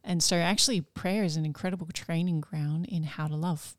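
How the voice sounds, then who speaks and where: A woman in a casual faith discussion, speaking heartfelt and reflective, pausing to search for her words. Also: on the low side, fairly even intonation, no room sound, studio quality. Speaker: religious sister or guest.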